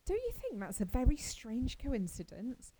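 A woman reading aloud as a chatty, dreamy orphan girl who gushes with wide-eyed excitement. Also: sits high, a little slow, very noisy, voice pushed up, heavily acted. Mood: gushing. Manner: breathless, gushing and wide-eyed. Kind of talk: audiobook character reading.

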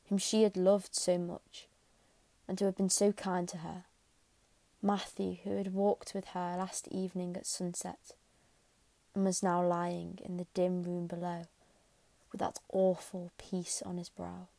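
A woman reading a classic novel aloud as a gentle, steady audiobook narrator. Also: lowish voice, creaky, dry recording. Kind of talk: scripted narration.

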